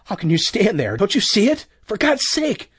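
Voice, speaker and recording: A man voicing a panicked middle-aged male shopkeeper in an audiobook, shouting in a strained high voice. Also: huge pitch swings, moderate pace, slightly rough, no echo, studio quality, full character voice. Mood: frantic. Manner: frantic, shouting, high-pitched. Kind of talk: audiobook character voice.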